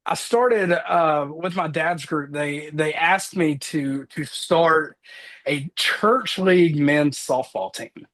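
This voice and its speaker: A man in his thirties giving an earnest motivational talk, energetic as he tells personal stories on a call. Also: fairly high pitch, slow pace. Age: 30s. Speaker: motivational speaker.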